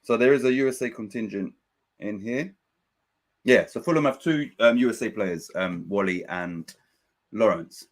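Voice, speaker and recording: Speaking at a normal speed in a fairly low voice, this watchalong host reacts excitably to a live football match and reads viewers' chat messages aloud in a chatty way.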